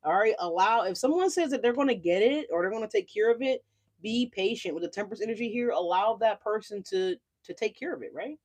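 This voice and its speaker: A woman's voice: medium pitch, lively intonation, quick pace, darkish tone. A woman giving a casual tarot reading, chatty and profane, tossing in "right?" asides. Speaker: tarot reader.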